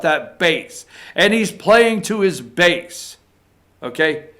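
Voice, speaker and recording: This show regular offers a political opinion monologue in a high, a bit bright voice. His delivery is emphatic, he circles back over the same points, and he keeps tacking "okay?" onto them.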